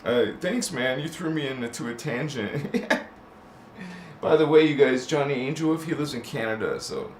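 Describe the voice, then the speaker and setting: A man's voice: mid-range voice, a little slow, a little hiss or hum. A middle-aged man hosting a live stream, reading viewer comments aloud and drifting into tangents with frequent laughs. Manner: rambling, goes off on tangents, laughs often. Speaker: channel host. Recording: roomy echo.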